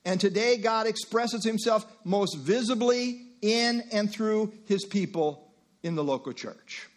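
A male pastor delivers a sermon in a relaxed, conversational way. He breaks off for asides and acts out short exchanges. His voice sits fairly high for a man. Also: a little slow. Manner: conversational preaching with asides and acted-out dialogue.

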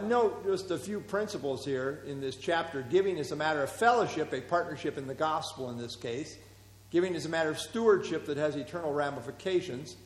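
Echoey man teaching a Bible class. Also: on the high side. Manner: explains and quizzes the class, many fillers. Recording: roomy hall with long reverb.

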